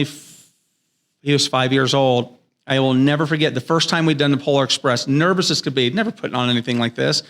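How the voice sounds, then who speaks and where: A man's voice: mid-range voice, creaky, fairly bright tone. A man in his thirties or forties, a guest in a podcast studio, telling a family story in an earnest, enthusiastic way and acting out the dialogue. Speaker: podcast guest, business owner. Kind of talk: casual interview storytelling.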